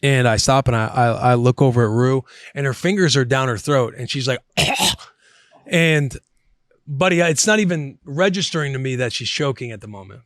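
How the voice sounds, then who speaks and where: A man in his thirties, a podcast host, telling a story in a casual, animated way, swearing and calling his listener bro. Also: medium pitch, fairly quick, no echo, studio quality.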